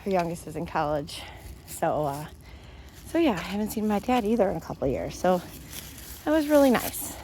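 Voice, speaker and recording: Out walking her dogs again, the middle-aged vlogger talks into her phone in a voice on the low side with a dark tone. She's very animated and a little fast, yet leaves long pauses while chatting, venting, and filling her speech with fillers over slight background noise.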